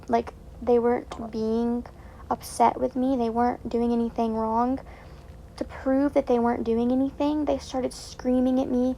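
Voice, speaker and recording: A woman's voice: fairly high pitch, gravelly, mellow, a little hiss or hum, rough recording. A woman streamer giving upset personal commentary, rambling and repeating herself with many fillers and restarts. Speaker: game streamer.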